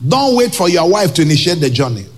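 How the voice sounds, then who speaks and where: A male pastor with a Nigerian English accent preaching a sermon to a congregation, emphatic, with loud rhetorical questions and pidgin asides. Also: a little high, sing-song, quick pace.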